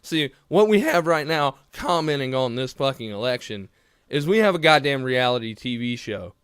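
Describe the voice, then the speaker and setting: A man's voice: medium pitch, expressive, moderate pace, a bit bright, clean tone, no room sound, studio quality. A man delivering a heated, profane, rambling political rant straight to camera. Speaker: political commentary vlogger. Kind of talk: profane ranting commentary to camera.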